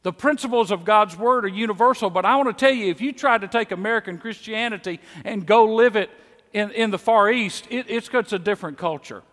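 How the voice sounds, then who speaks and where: A man's voice: sits high, fairly quick, a bit bright. A middle-aged man with a Southern US accent preaching a sermon in a conversational way, often repeating words as he starts a sentence. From Mississippi. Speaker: pastor. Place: church sanctuary. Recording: long echo of a large church hall.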